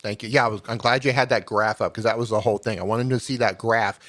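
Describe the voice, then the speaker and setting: A man co-hosting a live stream, casual and upbeat, running a giveaway with quick reactions. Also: on the low side, steady tone, fairly bright tone. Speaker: co-host of a channel review live stream.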